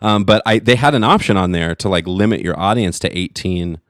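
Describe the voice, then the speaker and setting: A man co-hosting a casual podcast, talking in relaxed, laid-back slang and reacting to his co-host. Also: low voice, brisk, no echo, studio quality. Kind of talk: casual chat.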